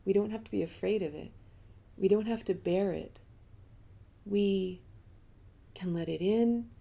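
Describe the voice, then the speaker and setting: A woman's voice: fairly low pitch, gravelly, mellow, breathy edge. A middle-aged woman giving a live talk as a spiritual teacher, telling personal stories candidly and chattily, often laughing.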